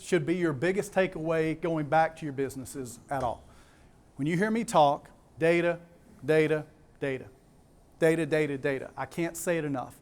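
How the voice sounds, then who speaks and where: A man's voice: on the high side, a little mellow. A man with a Southern US accent giving a keynote talk to a live audience, emphatic, repeating key words and putting questions to the crowd. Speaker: conference speaker.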